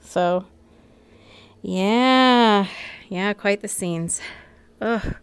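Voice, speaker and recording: A woman streaming a role-play game in a VR headset, teary and sniffling, murmuring quietly as she chats between scenes. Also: mid-range voice, very slow, smooth. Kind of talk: casual chat between scenes. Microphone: VR headset mic.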